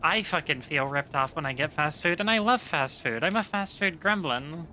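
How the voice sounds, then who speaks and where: A woman streamer chatting casually with viewers while playing, relaxed and profane, rambling with lots of fillers. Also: low-pitched, moderate pace, faint music behind. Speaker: game streamer. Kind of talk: casual stream chat reading viewer messages.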